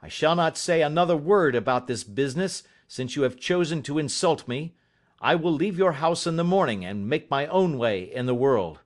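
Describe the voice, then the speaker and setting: A man's voice: a little high, animated, normal speed, lightly acted. A man doing a defiant young son, raised and heated. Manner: heated, indignant delivery.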